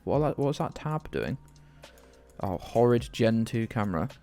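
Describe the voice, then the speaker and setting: A man's voice: medium pitch, sing-song, measured pace, warm tone, faint music behind. A man from the UK chatting casually and rambling to viewers while streaming a game, often joking at his own expense. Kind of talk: casual live-stream commentary.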